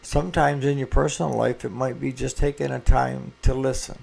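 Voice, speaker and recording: A man's voice: medium pitch, level tone, a little fast, vocal fry, a little mellow. A man who owns a small engine repair shop, talking casually to camera and giving earnest, folksy advice.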